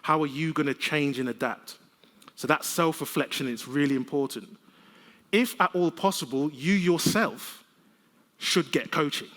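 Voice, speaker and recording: A man giving a conference keynote, telling lively, conversational stories with humor. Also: fairly high pitch, normal speed. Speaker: keynote speaker. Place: large conference hall. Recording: long reverb of a conference hall.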